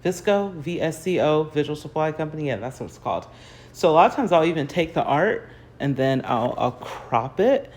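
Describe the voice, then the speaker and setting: An American woman with a deep, expressive, darkish voice speaks at a moderate pace. She's an artist livestreaming from her phone while painting in her home garage early in the morning, chatting casually in a rambling way, full of fillers and frequent laughter.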